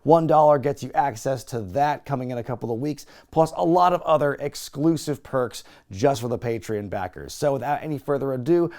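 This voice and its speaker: A young man hosting a casual wrestling recap, animated and sarcastic, laughing often. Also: medium pitch. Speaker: wrestling review host.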